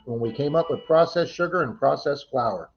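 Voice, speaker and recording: A man hosts a casual livestream chat, reading comments aloud, thanking viewers by name and laughing easily. His mid-range voice is animated at a moderate pace, the audio has its highs cut off, and faint music plays behind him.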